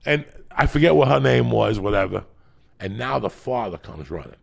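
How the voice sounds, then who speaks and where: A middle-aged man from New Jersey with a gravelly voice, telling a profane, animated story in casual chat and acting out the voices. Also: medium pitch, moderate pace. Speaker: podcast host.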